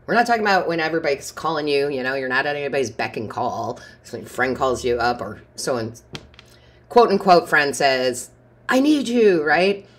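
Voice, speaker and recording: A woman with a notably deep, low-pitched voice gives a casual tarot reading. She talks in a rambling, chatty way and often laughs. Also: a little fast, few pauses. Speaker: tarot reader.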